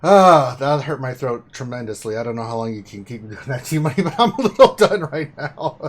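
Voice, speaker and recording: A man's voice: mid-range voice, animated, a little fast, crowd noise. A man hosting a casual live stream, joking around with guests and co-host. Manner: jokey, puts on growly pirate talk.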